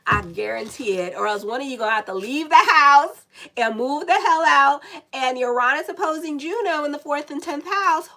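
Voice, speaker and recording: Chatty higher-voiced woman astrologer. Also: normal speed, bright, forceful tone, low-quality recording. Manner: chatty, swears and laughs at her own asides. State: sick, dry lips. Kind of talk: casual horoscope reading.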